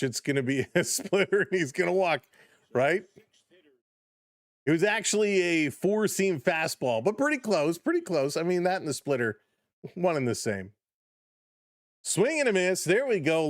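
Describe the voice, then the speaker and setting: A man's voice: a little high, no room sound, clean studio sound. A man giving casual live-stream baseball play-by-play, joking, laughing often and greeting chat viewers.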